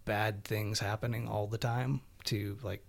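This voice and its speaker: Casting: man with a gravelly, low voice, meandering casual talker. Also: level tone, measured pace. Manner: meandering, heavy on filler words. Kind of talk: casual podcast chat.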